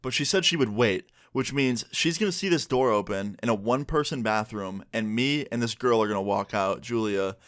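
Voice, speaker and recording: A man's voice: on the low side, moderate pace, hardly any pauses, fairly bright tone, no echo, studio quality. A young man telling a storytime tale to camera in a casual, chatty way, often checking in with the listener. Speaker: vlogger. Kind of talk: storytime narration.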